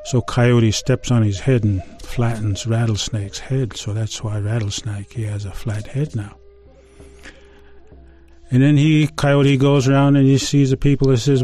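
A middle-aged man telling a traditional creation story in an unhurried, conversational way, with fillers and restarts. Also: medium pitch, steady tone, warm tone, faint music behind. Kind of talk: oral storytelling of a traditional tale.

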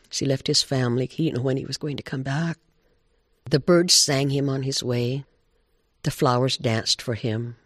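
A man tells an old animal folk tale with lively expression, leaning into each scene. His pitch sits in the middle range. The recording is dry and close. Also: no echo. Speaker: storyteller. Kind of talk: oral folk tale telling.

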